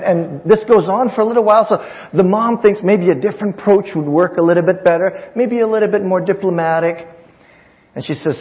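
A man's voice: a little high, moderate pace. A pastor preaching a sermon, friendly and chuckling, acting out voices in his stories. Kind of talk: sermon with humorous story. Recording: dull recording in a reverberant church hall.

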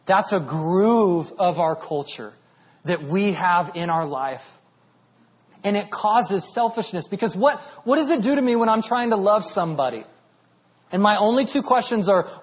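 A man in his thirties preaching a sermon as pastor, animated and rising to near shouting at his peaks. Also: sits high, highs cut off.

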